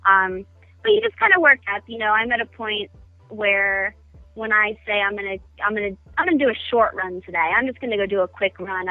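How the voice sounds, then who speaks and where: A woman's voice: mid-range voice, no room sound, narrow, tinny audio. A woman guest chatting casually in a phone-in radio interview, self-deprecating and full of ums. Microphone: phone call.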